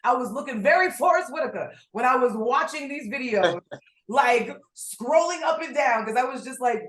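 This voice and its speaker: A woman co-hosting a casual podcast, talking in an animated, blunt way and swearing freely. Her voice sits in a middle pitch. The room around her sounds echoey. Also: normal speed. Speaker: podcast co-host.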